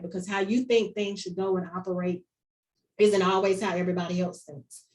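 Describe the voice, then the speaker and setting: A woman's voice: medium pitch, steady tone, normal speed, a little mellow, distant mic, poor audio. A woman with a Southern US accent giving an online conference presentation, earnest and repeating key phrases for emphasis. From North Carolina. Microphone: video call.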